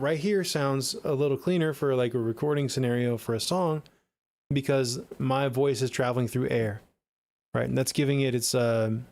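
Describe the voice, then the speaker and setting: A man's voice: mid-range voice, a little mellow, no echo. A man streaming live, giving blunt, profane, chatty feedback on listeners' songs into a close studio mic. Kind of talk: casual live-stream critique.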